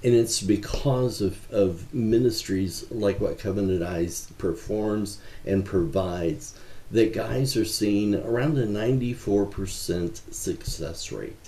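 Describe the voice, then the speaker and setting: Male ministry founder as interview guest: low voice, mellow tone, earnest and measured, recorded with an echo of the room. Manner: earnest, measured, with frequent fillers. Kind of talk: conversational interview answers. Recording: roomy echo.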